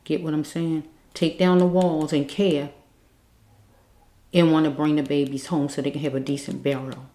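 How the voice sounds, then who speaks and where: A woman with a deep, mellow voice leads a spiritual card reading in an echoey room. She talks earnestly and pleadingly, circling back to the same points and asking again and again if the listener follows her. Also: flat delivery, moderate pace. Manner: repetitive, keeps checking in with listeners. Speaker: card reader.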